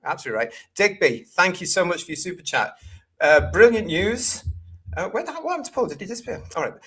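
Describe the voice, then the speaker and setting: A man's voice: high-pitched, very animated, quick pace, bright, forceful tone, husky. Upbeat British man hosting a livestream. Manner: upbeat, reading out chat messages. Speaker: host. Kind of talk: live-streamed fan show.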